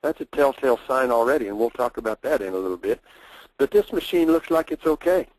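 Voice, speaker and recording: A man's voice: medium pitch, animated, fast, darkish tone, slight background noise, rough recording. A man presenting a technical training webinar, plainspoken and repeating his key points for emphasis.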